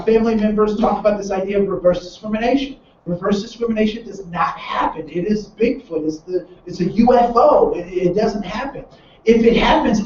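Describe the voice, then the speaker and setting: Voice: mid-range voice, slight background noise. A trainer in front of a live group, telling a story and voicing the people in it, often restarting mid-phrase. The sound is caught from far across a roomy, echoing space. The recording is muffled and lo-fi, with faint ambience underneath. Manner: animated storyteller who acts out the people in the story; many restarts and repeated words. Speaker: diversity workshop trainer. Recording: roomy echo from far off, dull and lo-fi.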